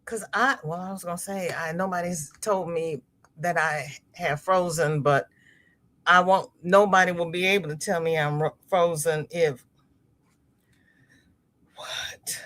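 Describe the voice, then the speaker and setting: Her voice sits a bit low and moves at a moderate pace as this middle-aged woman hosts a laid-back crochet stream. She responds to viewer comments, tells stories animatedly, and laughs frequently.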